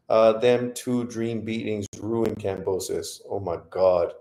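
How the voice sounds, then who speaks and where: A man's voice: fairly low pitch, creaky, warm tone. Guy going off on a boxing stream, swears a lot, roomy echo. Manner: profane, ranting. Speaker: boxing show host. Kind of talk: livestream commentary.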